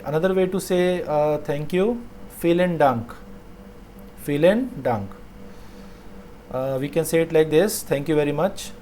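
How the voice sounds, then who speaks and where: A man teaching a language lesson, saying each phrase slowly twice and then explaining it. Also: fairly high pitch, warm tone, slight background noise.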